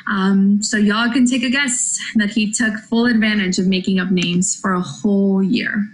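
A woman telling a personal story in a relaxed way. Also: medium pitch, moderate pace, rough recording.

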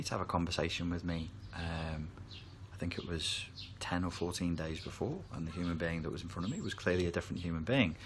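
A man talking to camera as a therapy coach, calm and reassuring as he explains. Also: sits low, a little hiss or hum. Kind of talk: reflective talk to camera.

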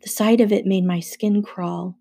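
A woman narrating a first-person adventure novel aloud in a steady storytelling manner. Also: mid-range voice, a little slow, gravelly. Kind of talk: audiobook reading.

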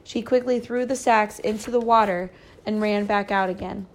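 A woman reading a novel chapter aloud, pausing for casual, chatty recaps with small stumbles. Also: mid-range voice, fairly even intonation. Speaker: reader.

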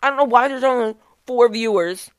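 A woman's voice: a little high, brisk, clean tone, natural voice. A woman playing a prudish fifteen-year-old Mormon boy who hosts a call-in podcast, flustered and scolding his callers. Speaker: host of a call-in show. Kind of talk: comedy skit.

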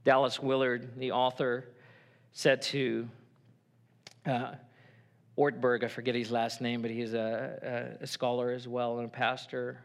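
A man's voice: mid-range voice, flat delivery, measured pace. A middle-aged man preaching a sermon in church, earnest and conversational, acting out quotes as he goes. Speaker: pastor.

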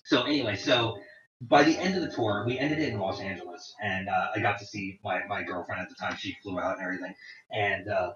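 A man in his forties casually telling rambling, profane stories about touring, with animated quoting. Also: lowish voice, fairly quick, a crowd in the background. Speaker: guest telling tour stories. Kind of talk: casual storytelling chat. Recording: roomy, distant, dull lo-fi sound.

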